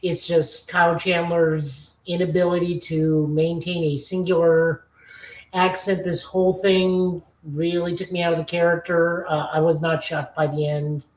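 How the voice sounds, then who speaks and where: Woman, podcast co-host, opinionated, casual chat, lowish voice, echoey room. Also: little pitch movement, a little slow. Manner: opinionated, nitpicky review, frequent fillers. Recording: roomy echoing recording.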